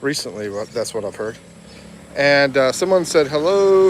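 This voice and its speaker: Man, live vlog, walking outdoors, reads viewer comments, laughs a lot, average pitch, faint street noise. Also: very animated, normal speed. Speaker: livestream vlogger. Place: outdoors in a town.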